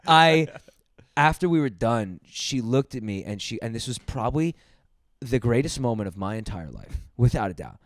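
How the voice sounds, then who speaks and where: A man's voice: medium pitch, big pitch swings, normal speed, no echo, studio quality. A man hosting a casual podcast chat, telling a rude story with lots of swearing and laughter. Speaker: podcast host.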